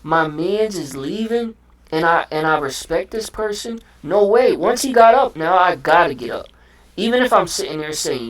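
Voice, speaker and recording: A man talking casually as a host, with lively slang, acting out what he would say. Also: sits high, normal speed. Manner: animated slang-heavy talk, acts out what he would say. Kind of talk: casual chat.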